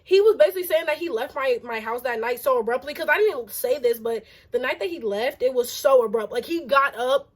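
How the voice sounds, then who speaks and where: High-voiced young woman telling a storytime. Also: a little fast, hardly any pauses. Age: young adult. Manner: animated and exasperated, heavy use of "like". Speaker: vlogger. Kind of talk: casual storytime.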